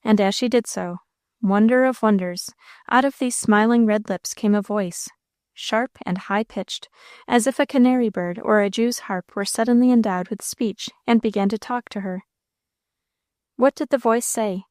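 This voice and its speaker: A woman narrates a classic story in a gentle, measured way, at a middling pitch. Her voice sounds dry and close, with no room sound around it. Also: no echo. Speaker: audiobook narrator.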